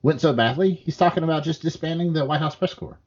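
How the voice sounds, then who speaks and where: A man's voice: fairly high pitch, fast, a little mellow, muffled recording. A man co-hosting a podcast, talking casually about politics, rambling and profane, often acting out what others said. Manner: profane, rambling, acts out quotes. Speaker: podcast co-host.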